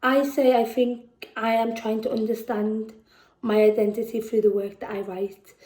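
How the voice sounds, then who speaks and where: A woman with a Scouse accent performing spoken word poetry at a festival, slow and measured, dropping to a hush on heavy lines. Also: fairly high pitch, flat delivery, roomy sound, rough recording. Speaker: poet. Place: festival venue indoors.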